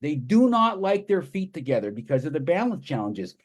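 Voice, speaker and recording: A man talks to an audience in an enthusiastic, storytelling way. His voice sits a little higher than most men's. He runs through his points with eager energy. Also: sing-song, normal speed. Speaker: presenter. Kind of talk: live presentation to an audience.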